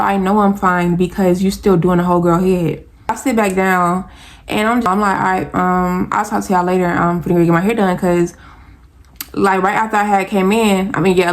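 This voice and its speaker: A young Southern woman with an Atlanta accent tells a casual storytime vlog straight to her viewers, sounding animated and exasperated. Her voice is medium-pitched and brisk.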